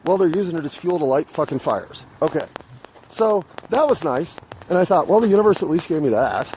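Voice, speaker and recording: A podcast host with a fairly high-pitched male voice talks a little fast as he tells a rambling, profane story on his own show, recorded on a phone while he walks the street, waits at bus stops and rides a bus. He gets animated when retelling events, and faint street and traffic noise runs underneath this casual storytelling monologue.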